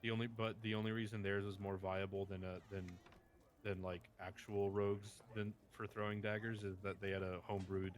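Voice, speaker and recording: A man's voice: lowish voice, level tone, brisk, a little hiss or hum. A man chatting casually on a live tabletop game stream, explaining rules in rambling, self-correcting bursts. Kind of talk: casual gaming chat on stream.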